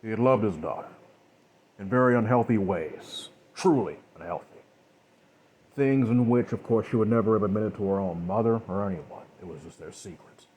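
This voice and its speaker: A man narrating a dark story in a loose, rambling way, with restarts and asides. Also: fairly low pitch, moderate pace, slight background noise.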